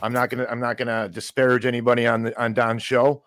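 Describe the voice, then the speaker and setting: A man from the United States casually gives his political opinion, stumbling and repeating words, hesitant but rising when emphatic. His voice is mid-range, flat and quick, with background noise present.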